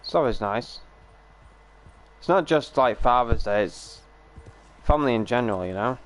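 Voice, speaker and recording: A man with a medium-pitched, expressive voice chats casually with viewers while streaming a game. He talks at a moderate pace, rambling along with plenty of fillers and restarts.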